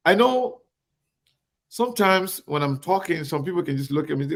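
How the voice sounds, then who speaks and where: Man, talk show host, emphatic, repeats himself, slightly high voice, gravelly. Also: lively intonation, normal speed, slight background noise. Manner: emphatic, repetitive, speaks directly to viewers. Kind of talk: live show shout-outs and commentary.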